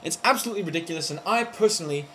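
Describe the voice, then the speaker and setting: A man ranting to the camera in a video blog, heated and outraged, with sudden loud jumps in pitch. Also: animated, very fast, slight background noise. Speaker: vlogger. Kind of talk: indignant vlog rant.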